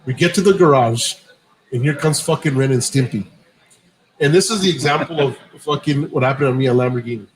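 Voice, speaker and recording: A man with a medium-pitched voice and fairly quick delivery hosts a podcast, telling a lengthy, profane tale casually while animatedly acting out what people said. Audio is poor.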